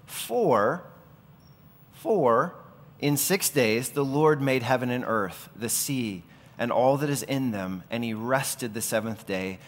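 A male pastor delivering a sermon in a relaxed, conversational manner that stays earnest. His voice sits at an ordinary middle pitch. The room around him rings with a long, hall-like reverb. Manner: conversational, earnest, with everyday asides.

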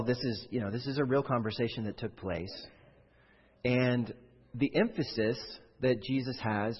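Husky pastor preaching in a reverberant hall. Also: male voice, medium pitch. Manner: conversational, explains with rhetorical questions. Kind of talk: sermon. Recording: dull sound with long hall reverb.

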